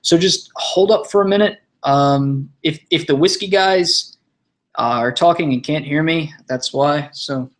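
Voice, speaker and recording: A man's voice: on the high side, a little slow. A young man hosting a live stream, chatting casually, rambling, swearing and laughing while he sets up. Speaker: stream host.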